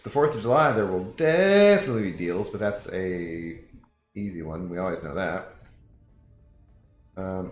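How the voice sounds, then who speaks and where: A man with a Southern US accent, casually chatting with his stream viewers in a rambling way and laughing often. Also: fairly low pitch. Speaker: game streamer. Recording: roomy room echo, faint music. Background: faint background music.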